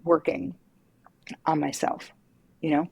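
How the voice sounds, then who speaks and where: Husky, frank middle-aged woman. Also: low-pitched, takes it slowly, no room sound. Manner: frank, lively, swears casually. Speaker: psychotherapist guest. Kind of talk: candid conversational storytelling.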